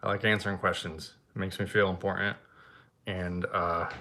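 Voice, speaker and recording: A man's voice: low voice, moderate pace. A young man who runs an event rental business, answering live viewer questions and telling stories animatedly. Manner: animated storytelling, acts out shouting in quotes. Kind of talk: live Q&A, casual storytelling. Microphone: single mic, standing.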